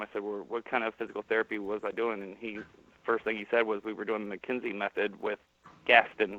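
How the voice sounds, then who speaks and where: Low monotone guy calling in, phone-line sound, just telling what happened. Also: no room sound. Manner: plain storytelling, quoting others. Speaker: caller. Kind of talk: personal story on a call-in stream.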